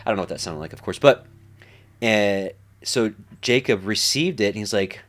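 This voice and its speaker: A man's voice: fairly low pitch, moderate pace, a bit bright. A man leading a Bible study in a casual, conversational way, full of fillers and acted-out quotes. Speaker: Bible teacher.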